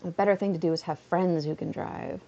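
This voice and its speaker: Sitting on a beanbag at home, a Canadian woman casually chats on a livestream, rambling along with many "like" fillers. Her voice is on the low side, creaky and dark, and she talks a little fast. The audio is muffled.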